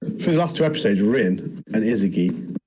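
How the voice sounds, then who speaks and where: A man's voice: fairly low pitch, expressive, moderate pace, crowd noise. A man, co-hosting a podcast and recapping anime scenes in rambling, slangy casual chat. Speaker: podcast co-host.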